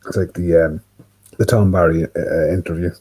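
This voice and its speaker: A man's voice: sits low, fairly even intonation, normal speed, dark tone, slightly rough, poor audio. An Irish man rambling casually on a livestream, full of fillers and swearing, talking to himself by a window. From Ireland. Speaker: livestream host. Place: indoors by a window.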